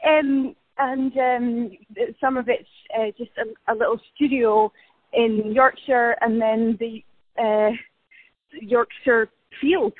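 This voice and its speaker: High-voiced woman on a tinny line. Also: steady tone, slow pace, no room sound. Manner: bubbly, laughs often, self-deprecating. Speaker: actress being interviewed. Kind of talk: casual remote interview. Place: outdoors walking past a building site. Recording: tinny phone-line audio, dry.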